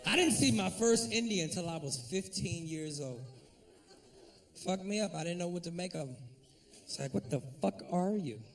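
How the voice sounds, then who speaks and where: A man doing a profane, animated stand-up routine, talking straight to the crowd at a comedy club. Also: sits high, moderate pace, pauses often, recorded from a distance.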